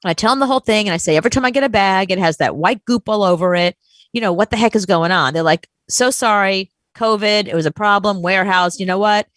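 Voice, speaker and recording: A woman co-hosting a chat show, telling a story in an animated, exasperated way and acting out quotes. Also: mid-range voice, quick pace, no room sound. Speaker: podcast co-host.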